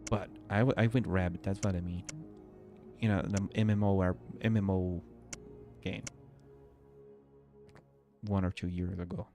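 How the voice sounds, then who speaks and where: Sleepy guy streaming a game, rambly, keeps restarting sentences, lowish warm voice, bit of music in the back. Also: steady tone, measured pace, pauses often. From Brazil. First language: Portuguese. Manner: rambling, self-interrupting, chatty. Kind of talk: casual gameplay stream commentary. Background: faint game music.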